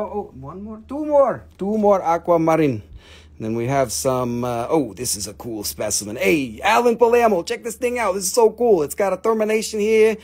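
A man's voice: high-pitched, a little mellow. Folksy Appalachian man selling rocks. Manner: rambling, joking, folksy with hoots. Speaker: host of a live mineral sale. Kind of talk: casual live-stream sales patter.

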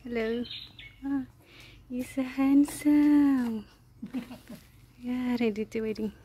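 A woman chats casually on a travel vlog with soft, admiring exclamations. She speaks very slowly in a somewhat high voice. A faint noise sits behind her. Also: fairly even intonation.

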